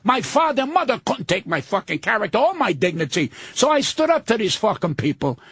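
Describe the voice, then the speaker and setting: An older man, a guest comedian on a radio talk show, telling indignant, profane stories in a loud ranting way. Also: high-pitched, sing-song, brisk, breathy edge, no room sound. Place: radio studio.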